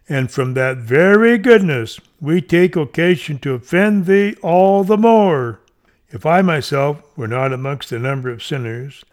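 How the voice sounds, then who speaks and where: A man reading an old devotional sermon aloud in a solemn, emphatic way, lifting his voice on each turn of the argument. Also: mid-range voice. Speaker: reader of a devotional text.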